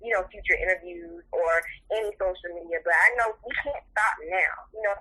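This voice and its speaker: A woman's voice: lowish voice, fairly quick, sharp tone, husky, poor audio. A middle-aged mother in an interview, talking earnestly and tearfully, mixing encouragement with faith. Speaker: interview guest, mother of the subject. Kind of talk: emotional interview talk.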